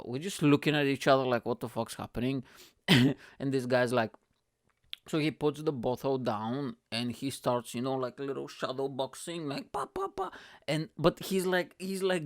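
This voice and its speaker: A man's voice: medium pitch, dry recording, studio quality. A man hosting a podcast, telling a story in a rambling, profane way with frequent laughs. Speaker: podcast host. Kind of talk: casual storytelling.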